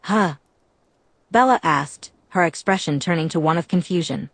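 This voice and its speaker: A woman narrating a fan-fiction audiobook in a steady, even reading. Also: deep voice, fairly quick, no echo.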